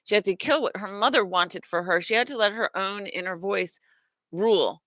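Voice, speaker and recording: A middle-aged woman, host and teacher of a self-worth lesson, speaks at a moderate pace in a mid-range voice that's bright and forceful. She talks casually and earnestly, frequently stopping to restart or self-correct. The recording is dry.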